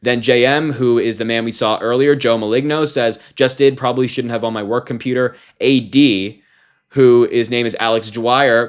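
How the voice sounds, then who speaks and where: A young man hosting a political commentary show, reading from an article and reacting with indignation, jumping from loud mocking call-outs to low, disgusted asides. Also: fairly even intonation, moderate pace, clean tone.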